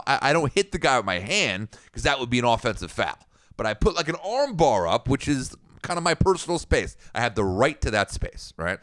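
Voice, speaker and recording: A man's voice: mid-range voice, a bit bright, no room sound. A man in his thirties co-hosting a podcast, telling a casual story in a rambling way with frequent restarts. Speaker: podcast co-host.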